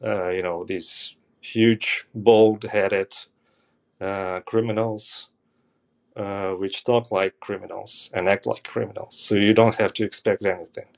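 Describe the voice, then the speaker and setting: A male caller with a lowish voice rambles through a long, emphatic take on a live call-in show. He keeps going, circling back and pressing his points. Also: steady tone, slow, gravelly. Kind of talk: call-in commentary.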